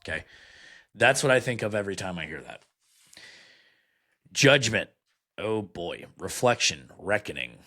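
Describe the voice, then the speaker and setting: Blunt, sarcastic man with a lowish voice. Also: expressive, measured pace, pauses often, pushed and bright. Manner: sarcastic, blunt, with frequent fillers. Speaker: podcast host. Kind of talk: critical commentary reading card meanings aloud.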